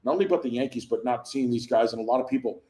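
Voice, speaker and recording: A man's voice: medium pitch, very fast, mellow. A man in his fifties, a guest on a live sports chat, rambling with wry humor. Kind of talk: casual chat. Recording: echoey remote call audio.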